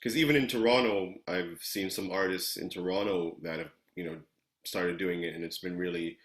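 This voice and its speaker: A man's voice: low-pitched, moderate pace, reverberant. A man hosting a casual interview over a video call, easygoing and affirming, often repeating his words. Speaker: interview host.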